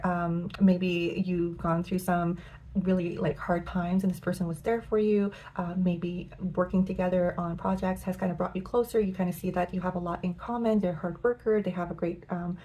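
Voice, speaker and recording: Soft-spoken woman giving a tarot reading. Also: mid-range voice. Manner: gentle, affirming, many "like" fillers. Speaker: tarot reader. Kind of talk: pick-a-card tarot reading.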